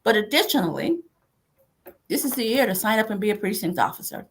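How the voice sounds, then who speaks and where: A woman's voice: medium pitch, big pitch swings, brisk, husky. A woman who chairs a party, hosting a livestream and rallying supporters with emphatic, repeated calls to action over a video call. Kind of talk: rallying political talk.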